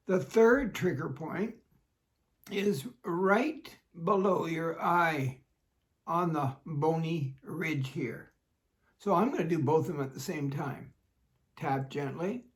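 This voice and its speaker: A man working as a fitness instructor, calmly demonstrating an exercise routine with a touch of dry humor. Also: on the high side, unhurried.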